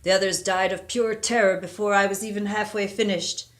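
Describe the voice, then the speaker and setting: A woman reading aloud and voicing a male ghost who wails slow, drawn-out cries down a chimney. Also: mid-range voice, steady tone, natural voice. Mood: solemn.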